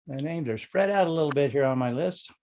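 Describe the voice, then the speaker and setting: Guy on a video call reading names off his list, kinda high voice. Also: expressive, fairly quick, a little mellow, slight background noise. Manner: matter-of-fact, reading from a list. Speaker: meeting organizer assigning breakout rooms.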